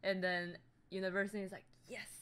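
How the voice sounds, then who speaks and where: A woman's voice: medium pitch, animated, moderate pace, pushed and bright. A woman co-hosting a casual podcast, talking bluntly and swearing freely. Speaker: podcast co-host. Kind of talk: casual chat.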